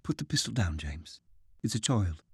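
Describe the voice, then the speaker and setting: A brisk, commanding woman officer, as a male narrator puts her on, giving firm orders in a slightly husky, lively voice. The sound is close and dry. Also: medium pitch, no echo, close to an everyday voice.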